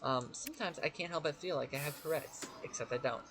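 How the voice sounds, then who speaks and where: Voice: mid-range voice, fast talker, loud music behind the voice. A gaming channel host giving goofy, jokey let's-play commentary, breaking off to sing to themself. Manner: goofy, jokey, sings to self.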